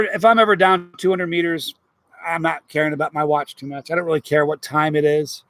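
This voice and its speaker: A middle-aged man hosting a casual live stream, rambling through stories and chatting with viewers in an animated way. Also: fairly high pitch, no room sound.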